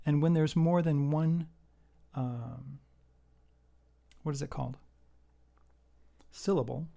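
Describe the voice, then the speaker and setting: A man's voice: fairly high pitch, slow pace, gravelly, mellow. A man giving a casual guitar lesson, walking through a song and counting out the beats. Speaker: guitar teacher. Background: acoustic guitar playing.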